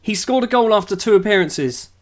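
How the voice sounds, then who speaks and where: Man, young adult, higher voice, dry sarcastic game commentary. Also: expressive, a little fast. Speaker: gaming YouTuber.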